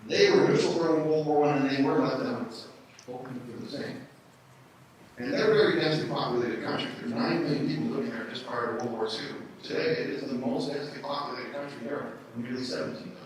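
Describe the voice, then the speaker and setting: A man giving a lively live history lecture, often putting questions to his audience. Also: medium pitch, quick pace. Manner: animated, asks the audience questions. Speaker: history speaker at a workshop. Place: indoor event room with audience. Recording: echoey room from far off, faint noise.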